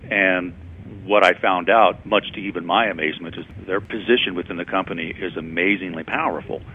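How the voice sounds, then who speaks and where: Deep-voiced man on a tinny line. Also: steady tone, a little fast, a little hiss or hum. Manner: conversational storyteller, acts out quotes. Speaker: guest speaker on storytelling. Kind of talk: radio interview, anecdotal explaining. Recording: tinny phone-like radio sound.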